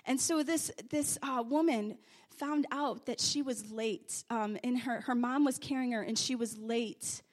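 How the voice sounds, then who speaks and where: A woman preaching a sermon, telling stories and testimony, moving from hushed confession to loud praise. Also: fairly high pitch, measured pace. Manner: animated, swings from hushed confession to loud exclamations.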